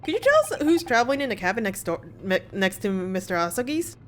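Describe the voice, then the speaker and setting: A woman's voice: a little high, wildly swooping pitch, quick pace, a little hiss or hum. A woman voicing a polite, hesitant young male student lawyer as she reads game dialogue aloud. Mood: inquisitive.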